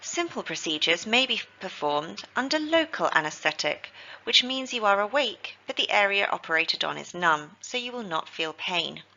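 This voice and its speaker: A woman, teaching healthcare vocabulary in a scripted lesson, with slow, careful pronunciation drills. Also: mid-range voice, expressive, sharp tone, muffled recording.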